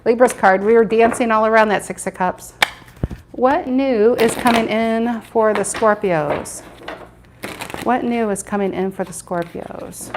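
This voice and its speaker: A woman's voice: a little high, measured pace, heavy background noise. A woman doing a live tarot reading, chatting with viewers and repeating her questions as she turns the cards. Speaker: tarot reader.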